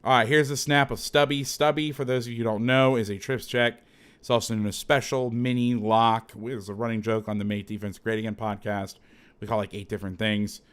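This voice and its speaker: A man coaching through game film in a casual breakdown, chatty and quick to correct himself. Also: medium pitch, little pitch movement, fairly bright tone, smooth.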